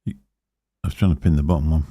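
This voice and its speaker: Very deep and mellow, this middle-aged man's voice stays steady as he talks quickly. Co-hosting a casual vaping livestream, he rambles, self-corrects and chuckles, recorded in clean studio sound without any room noise.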